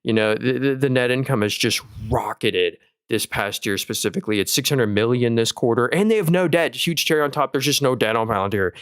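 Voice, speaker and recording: Upbeat young man doing a dry, clear stock livestream. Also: medium pitch, animated, fairly quick, hardly any pauses, a bit bright, no room sound. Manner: upbeat, talks through numbers with fillers and restarts. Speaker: stock market livestream host. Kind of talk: casual live stock analysis.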